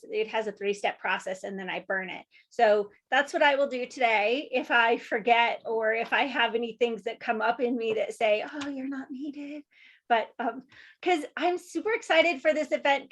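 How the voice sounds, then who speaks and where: A woman hosting a casual promotional interview with a vendor, bubbly and enthusiastic and quick to exclaim. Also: fairly high pitch, fairly bright tone. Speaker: event host interviewing a vendor.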